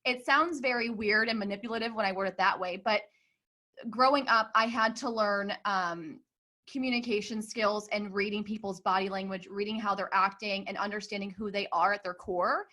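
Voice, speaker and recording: A woman's voice: mid-range voice, moderate pace, sharp tone. A woman guest on a podcast, a marketing coach, talking eagerly and reflectively. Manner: eager, laughs easily, reflective. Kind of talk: casual podcast interview.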